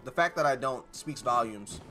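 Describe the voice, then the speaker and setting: A man's voice: mid-range voice, animated, normal speed, bright, forceful tone, soft background music. A man streaming a video game, rambling and joking with his chat in casual commentary. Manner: rambling, jokey, talks to chat.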